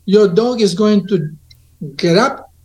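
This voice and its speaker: A guest with a high voice tells stories in casual conversation, earnest and lively, pausing and restarting as he goes.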